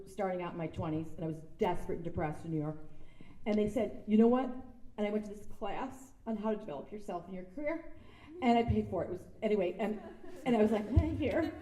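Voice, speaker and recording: A woman's voice: mid-range voice, warm tone, recorded from a distance. Chatty woman speaking in an echoey room. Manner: chatty, self-deprecating, acts out quotes. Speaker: guest speaker. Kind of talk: casual anecdotal speech. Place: sound stage event space.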